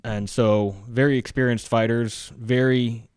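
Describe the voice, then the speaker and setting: A man's voice: mid-range voice, level tone, a little slow, darkish tone, clear, resonant tone, no room sound. Rambling American man, dry close sound. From United States. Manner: rambling, lots of fillers like "like", laughs through stories. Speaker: military veteran telling war stories. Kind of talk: casual podcast storytelling.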